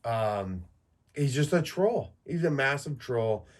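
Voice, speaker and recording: A man in his mid-thirties rambles through a solo podcast in a loose, casual way. His speech is crude and jokey, full of "like" and "you know", with a voice pitched in the middle of a man's range. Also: very animated, slow pace. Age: 30s. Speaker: podcast host.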